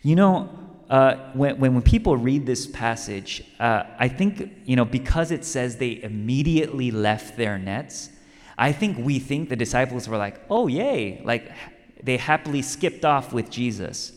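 A man's voice: mid-range voice, animated, unhurried. A male pastor preaching a sermon in a conversational way, telling a story and repeating key lines for emphasis. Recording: long reverb of a large hall.

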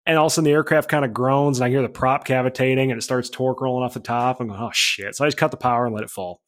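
A man's voice: mid-range voice, steady tone, racing. A man telling a story about flying, casual and blunt, swearing freely and acting out radio calls. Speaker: aerobatic pilot guest.

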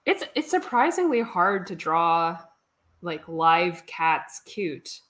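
A woman in casual chat while painting, relaxed and wry, reading out viewer comments. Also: fairly low pitch, slow. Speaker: co-host.

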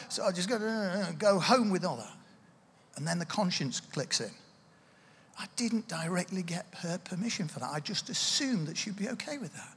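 A man's voice: high voice, moderate pace, breathy edge. A man preaching a sermon, chatty and self-deprecating, with asides to the congregation. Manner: conversational, self-deprecating, lively with asides and laughs. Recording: echoey hall, distant reverb.

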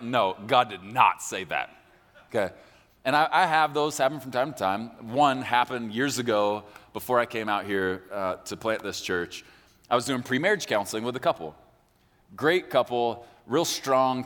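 A man preaching a sermon as a pastor, talking straight to his congregation with animated emphasis. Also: mid-range voice, in a large hall. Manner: animated, addresses the congregation directly.

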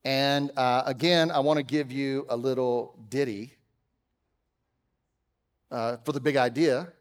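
A man preaching a sermon as pastor, conversational, with humorous asides, swinging from loud emphasis to quiet. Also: medium pitch, fairly even intonation, a little slow, long reverb tail. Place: church auditorium.

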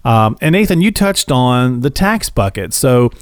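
A man's voice: mid-range voice, sing-song, unhurried, clear, resonant tone, no echo, studio quality. A man hosting a radio finance show, chatty and jokey, laughing easily. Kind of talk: casual radio talk show chat.

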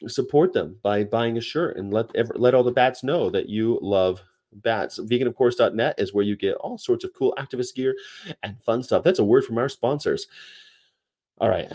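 A man's voice: mid-range voice, moderate pace, darkish tone. A man hosting a casual livestream chat, rambling and laughing often as he reads comments and mimics regional accents. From United States. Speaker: livestream host.

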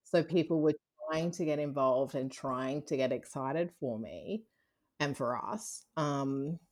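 Candid woman guest with a low voice. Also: takes it slowly. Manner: candid, laughs often, lively when retelling. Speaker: interview guest. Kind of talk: personal storytelling in a casual interview.

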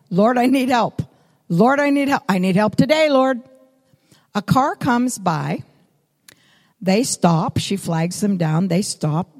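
Older female preacher, unhurried storytelling sermon, long hall reverb. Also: medium pitch, a little mellow. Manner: storytelling, repetitive emphatic phrasing.

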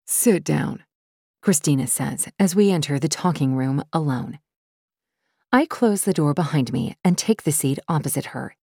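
A woman's voice: deep voice, animated, normal speed, warm tone, slightly rough, no room sound. A woman giving tense, intense first-person audiobook narration, close to the mic. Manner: tense and intense, rising sharply when voicing the heroine.

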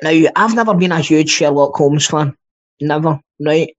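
A Scottish man co-hosts a podcast, chatting casually, rambling and swearing freely. His voice sits on the high side at a moderate pace, and the recording sounds dull and lo-fi.

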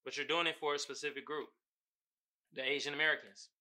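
Bright-voiced profane young podcast host. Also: male voice, a little high, steady tone, quick pace. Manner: profane, emphatic, slangy. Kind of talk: casual solo podcast talk.

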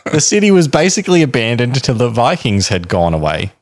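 A man's voice: mid-range voice, very animated, fairly quick. A man hosting a podcast, telling a history story in a casual, joking, rambling way. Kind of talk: casual chat.

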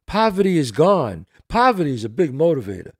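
Male talk host, fairly high and very animated, blunt and profane. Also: a little fast, breathy edge, no echo, clean studio sound. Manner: emphatic, swearing, repeats his points. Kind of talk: casual chat.

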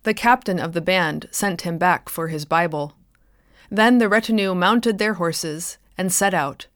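A woman author reading her own short story aloud in a measured, expressive way, close to the mic. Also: on the low side, no echo.

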